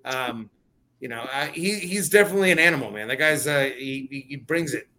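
A man's voice: mid-range voice, lively intonation, a little fast, bright, forceful tone. A man who competes in combat sports, talking casually on a podcast with many fillers and restarts. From California. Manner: rambling, filler-heavy, restarts often. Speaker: fighter and podcast guest. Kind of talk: casual chat.

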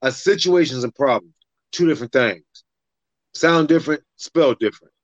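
A man spins a fight story in loose, profane chat, jumping into the voices of the people in it. His voice is mid-pitched and sits close and dry, with a slightly dull, muffled sound. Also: moderate pace, no room sound. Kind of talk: casual storytelling in a podcast chat.

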